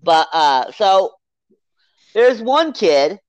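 Rambling, animated movie podcast host. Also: mid-range voice, very slow, dry recording. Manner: rambling, animated, acts out character quotes. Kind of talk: casual movie review chat.

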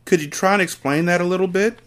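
A man voicing a kind young female schoolteacher who asks gentle, encouraging questions in a raised voice. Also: high-pitched, fast talker, pitched above the performer's own voice. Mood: coaxing.

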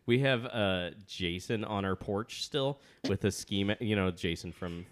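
A man co-hosting a casual podcast chat, teasing and animated, quick to get excited about his projects. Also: on the low side. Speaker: podcast co-host.

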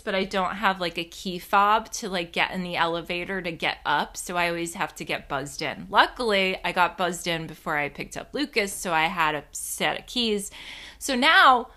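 A young woman telling a personal story in a casual, animated, self-mocking way, swearing freely as she goes. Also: mid-range voice, unhurried.

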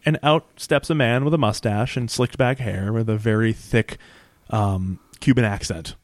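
Podcast co-host, male, mid-pitched, dry close sound, animated recapper who quotes characters. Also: normal speed, no room sound. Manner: animated retelling, quoting characters. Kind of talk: casual recap chat.

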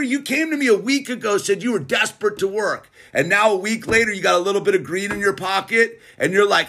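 A middle-aged man hosting his own channel, giving a casual motivational monologue in a slangy, laid-back way, speeding up and slowing down for emphasis. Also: sits high. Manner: laid-back slangy, keeps saying "dude"; animated, swings between fast bursts and slow emphasis. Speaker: channel host.

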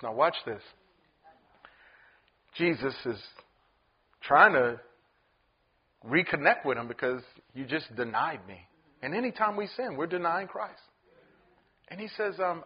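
A pastor preaching with a high, lively voice that swoops up and down. He acts out the people in the story as he goes. The recording sounds dull and lo-fi. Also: unhurried, pauses often, slightly rough. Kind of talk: sermon.

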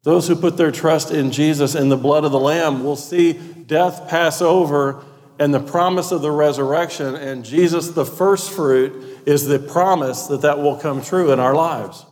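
A man's voice: on the high side, a little slow, a little mellow. A man preaching a sermon, emphatic and repetitive, with conversational asides to the congregation. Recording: long hall reverb.

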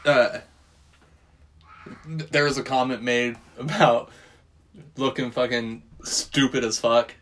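A man's voice: mid-range voice, steady tone, slow pace, pauses often, fairly bright tone, slight background noise. Guy recapping a movie, rambling and swearing a lot, totally casual. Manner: rambling, swears freely, acts out quotes. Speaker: podcast co-host recapping a film. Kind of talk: casual chat.

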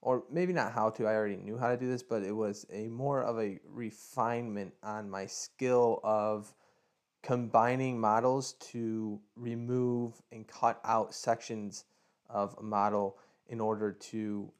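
A man's voice: lowish voice, steady tone, a little slow, smooth. A man co-hosting a casual podcast, joking around and explaining his project step by step. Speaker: podcast co-host.

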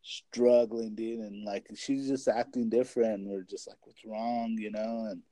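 A young man chats casually in a low, mellow voice, full of filler words and the odd curse. The sound is dry and close, with no room around it. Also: steady tone, normal speed, no room sound. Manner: rambling, heavy filler words and swearing. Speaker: parent and kids' basketball coach. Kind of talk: casual chat.

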